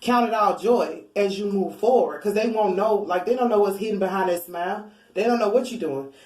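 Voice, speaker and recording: Tarot reader woman, relaxed chatty delivery, a little off-mic in an echoey room. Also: medium pitch, brisk. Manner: chatty, informal, laughs often. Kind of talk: casual spiritual reading. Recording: roomy, a bit far from mic.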